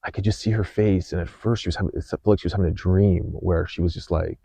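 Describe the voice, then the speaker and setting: A man hosting a podcast, earnestly telling a personal story in an unhurried way, with many fillers and restarts. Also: low-pitched, fairly even intonation, creaky, warm tone, breathy edge, no echo. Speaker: podcast host. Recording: slightly dull dry sound.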